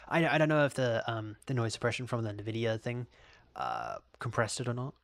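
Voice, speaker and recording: A man's voice: medium pitch, animated, brisk, creaky, dry recording. An Australian man casually rambling and thinking aloud while streaming a video game. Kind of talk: casual gameplay commentary.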